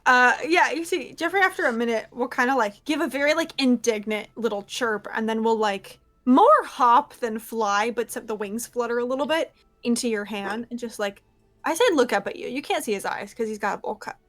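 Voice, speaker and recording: A woman's voice: fairly high pitch, a little fast, fairly bright tone. A woman narrating as game master of a tabletop game, loose and playful in her telling. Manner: playful, loose, full of fillers.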